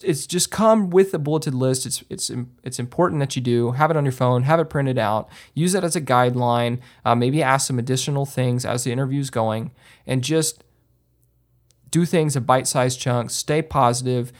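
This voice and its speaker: A man hosting a podcast, giving casual how-to advice in an emphatic way, with lots of ums and restarts. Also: normal speed. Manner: lively swings up in pitch when stressing a point. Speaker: podcast host and filmmaker. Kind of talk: casual instructional talk.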